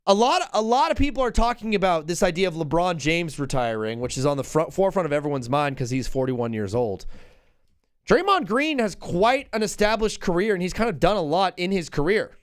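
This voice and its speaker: Excitable man hosting a sports call-in. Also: sits high, fairly quick, clear, resonant tone, no room sound. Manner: excitable, joking, rambling. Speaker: host. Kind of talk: live sports call-in show.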